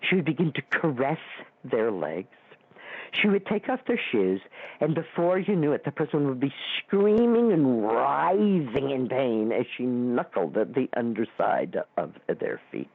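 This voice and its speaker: Woman radio host, middle-aged, animated storyteller, husky edge, heard down a phone line. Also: unhurried, no room sound. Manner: animated, acts out quoted voices with big pitch swings. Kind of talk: storytelling talk.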